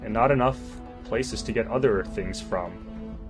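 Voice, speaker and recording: A man's voice: on the low side, a little slow, music in the background. A man commentating his own zombie game playthrough, swearing, joking and talking to himself in exasperation. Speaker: gamer. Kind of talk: let's play commentary.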